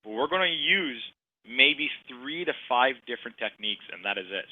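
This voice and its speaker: A man co-leading a sales coaching session, speaking in a calm, plain way. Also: medium pitch, normal speed, no room sound. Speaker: co-trainer. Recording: tinny phone-like call audio.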